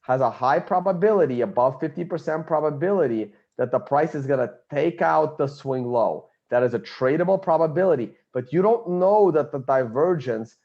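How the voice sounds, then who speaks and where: A man's voice: fairly high pitch, animated, moderate pace, few pauses. Guy doing a chart breakdown, blunt and sure of himself, kinda dull lo-fi audio. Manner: blunt, confident, thinks aloud over a chart. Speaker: market analyst. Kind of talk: screen-share chart analysis.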